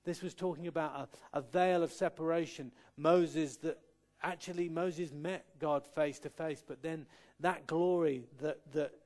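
Earnest preacher, slightly high voice. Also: male voice, steady tone, unhurried, few pauses, darkish tone. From Cornwall, England. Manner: earnest, with light humorous asides and frequent restarts. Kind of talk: sermon.

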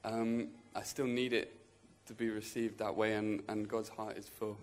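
In a church group, a man shares a spontaneous testimony, speaking earnestly and plainly with frequent restarts. His voice is fairly low and level in tone, at normal speed.

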